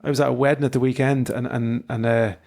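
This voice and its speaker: An Irish man co-hosting a podcast, rambling through stories in relaxed casual chat. His voice has a marked gravelly fry. It sits at an ordinary middle pitch. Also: fast talker. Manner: rambling, full of fillers and restarts. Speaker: podcast co-host.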